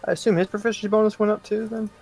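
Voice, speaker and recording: A man with a fairly high voice sits in on a tabletop game, checking the rules with quick questions and reading out his rolls. Faint music runs in the background. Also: flat delivery, a little mellow. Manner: asks questions about the rules. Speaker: player. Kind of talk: casual chat at a game table.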